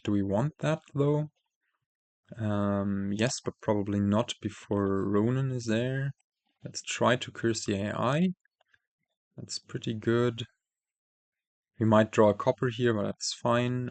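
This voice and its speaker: A man's voice: fairly low pitch, gravelly, no room sound. A man commentating his card game, thinking aloud with many fillers and self-corrections, while losing his voice. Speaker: host playing a card game. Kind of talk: casual gameplay commentary.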